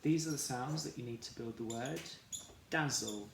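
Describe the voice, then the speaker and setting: A man teaching a phonics lesson for children, sounding out each letter slowly and carefully. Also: medium pitch, gravelly. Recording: echoey room, faint background noise.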